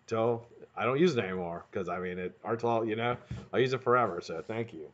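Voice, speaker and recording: A man hosting a live stream in casual chat, greeting viewers by name and swearing freely, his voice sounding a bit hoarse. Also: lowish voice, fairly quick, dull audio. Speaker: livestream host.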